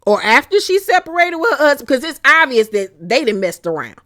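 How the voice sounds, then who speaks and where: A young adult woman giving casual, profane commentary that recaps a reality show, blunt and animated, with plenty of slang and asides. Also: high voice, brisk, no echo, clean studio sound. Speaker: recap vlogger.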